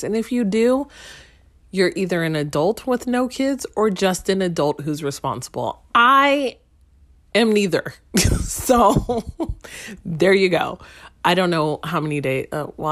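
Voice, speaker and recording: A woman in her thirties with a fairly low voice tells a chatty, wry story about home life and talks straight to her listeners. The sound is dry and close, with no room echo. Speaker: stay-at-home mom vlogger. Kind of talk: casual storytelling monologue.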